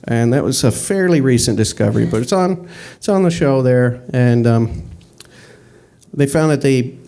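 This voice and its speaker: A man doing deadpan one-liner stand-up at an open mic, halting and rambling between jokes. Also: mid-range voice. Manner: halting, rambling delivery with fillers. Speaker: stand-up comic.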